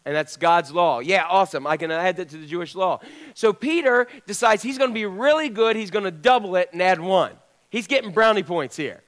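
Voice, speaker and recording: High-voiced man preaching a sermon. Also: a little fast, fairly bright tone. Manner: conversational preaching, asks the congregation questions. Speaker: pastor.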